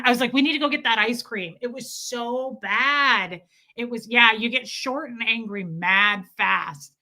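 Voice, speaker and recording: A woman's voice: a little high, moderate pace. A young woman livestreaming, telling a story in casual chat and acting out what people said, often breaking into laughter. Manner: animated, acts out quotes with laughs.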